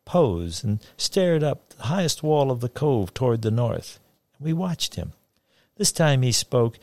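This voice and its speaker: A man reading a story aloud, with a lively, vivid manner, recorded close and dry. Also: fairly low pitch, unhurried, no echo. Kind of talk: storytelling narration.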